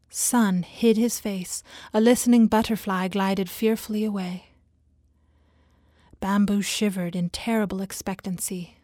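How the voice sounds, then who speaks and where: A woman narrating a fable in a soft, lyrical, often half-whispered reading. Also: medium pitch, steady tone, measured pace, no echo, clean studio sound. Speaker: storyteller. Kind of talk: scripted narration.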